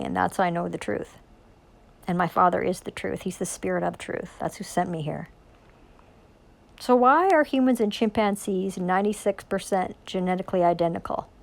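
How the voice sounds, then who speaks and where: A woman's voice: mid-range voice, vocal fry. A woman speaking in a rambling, intense monologue about scripture. She swears often and keeps asking rhetorical questions. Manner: intense, profane, preachy with frequent rhetorical questions. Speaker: self-styled religious preacher.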